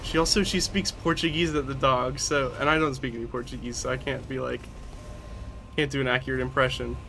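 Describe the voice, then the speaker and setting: A man's voice: mid-range voice, steady tone, quick pace, pushed and bright, slight background noise. A man streaming a video game, chatting casually in rambling, giggly stories full of swearing. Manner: rambling, giggly, profane storytelling. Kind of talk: casual gameplay commentary.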